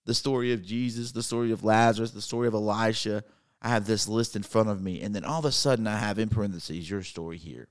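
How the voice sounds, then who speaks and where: A man's voice: on the low side, quick pace. A man giving an earnest podcast sermon, retelling Bible stories with frequent repeats and restarts. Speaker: podcast preacher.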